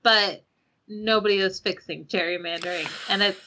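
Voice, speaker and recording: Brief: female podcast co-host, sharp bright tone, short dry asides. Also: medium pitch, steady tone, moderate pace, a little hiss or hum, rough recording. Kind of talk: casual chat.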